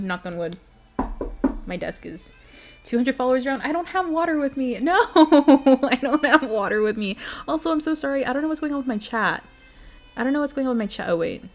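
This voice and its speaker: A giggly, emotional young woman streams from home and chats directly with her viewers at an ordinary middle pitch. She speaks into a desk microphone, and soft music plays faintly behind her. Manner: giggly, emotional and chatty, talking to chat. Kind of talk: casual chat with stream viewers.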